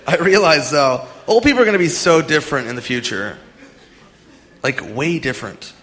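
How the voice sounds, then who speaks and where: A man's voice: a little high, expressive, a little slow, long pauses, a bit bright. A young man doing a stand-up comedy set, rambling, swearing and laughing at his own jokes, recorded live in a comedy club. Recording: live club with audience noise.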